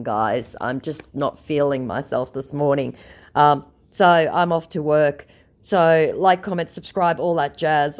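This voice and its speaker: A woman hosting a scambaiting channel, reading chat logs aloud with sarcastic, mocking commentary. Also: a little mellow. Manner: sarcastic, mocking, voices the scammers in a higher pitch.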